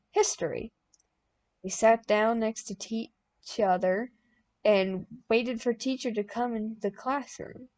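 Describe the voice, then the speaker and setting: A young woman reading a fan-written story aloud as an audiobook, plain and deadpan, bursting out loud in the dialogue. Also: medium pitch. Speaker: audiobook reader.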